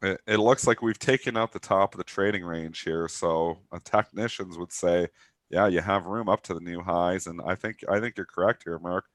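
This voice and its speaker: A man in his thirties with a cold, co-hosting a live trading show in animated, rapid chat. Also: low-pitched, no echo. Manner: animated, rapid trader talk. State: stuffy from a cold. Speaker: co-host of a trading talk show. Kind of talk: casual live market chat.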